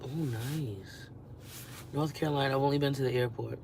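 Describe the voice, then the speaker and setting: A young adult man chats casually to the camera in a vlog, rambling and thinking aloud as he lists places. His mid-range voice has a darkish tone at a normal speed, with slight background noise.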